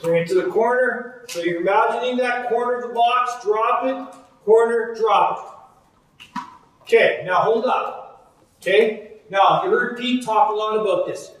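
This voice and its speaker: A man coaching goalies through a juggling drill, calling out repeated cues with steady energy. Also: high voice, normal speed. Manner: energetic, repetitive cueing. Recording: very echoey, distant mic.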